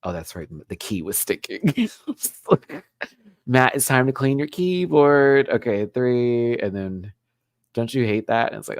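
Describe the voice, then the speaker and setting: A man hosting a live recap stream, talking in a sassy, campy way with big swoops in pitch. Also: lively intonation, unhurried, no room sound, clean studio sound.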